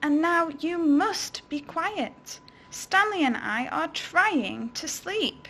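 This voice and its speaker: A woman's voice: high-pitched, expressive, measured pace, a bit bright, slight background noise. A woman doing a cross, fed-up little girl. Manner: cross, emphatic. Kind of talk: storybook read-aloud.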